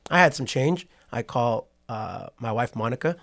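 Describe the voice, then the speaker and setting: A man's voice: mid-range voice, moderate pace. A man in his forties from California, a podcast guest telling a story in a casual interview and acting out what people said. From Patterson, California. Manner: animated storyteller who acts out quotes and keeps asking "right?".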